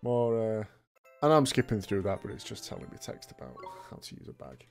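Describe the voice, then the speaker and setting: A man's voice: on the low side, very animated, a little fast, creaky, soft background music. A man hosting a let's play, commenting on a video game with frequent laughs, swearing and joking asides. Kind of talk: gameplay commentary.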